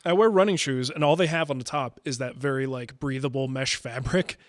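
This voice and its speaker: A man's voice: mid-range voice, a little fast. A man co-hosting a casual podcast, reading listener emails aloud and cracking jokes between lines. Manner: jokey, reads emails aloud with asides. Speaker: podcast co-host.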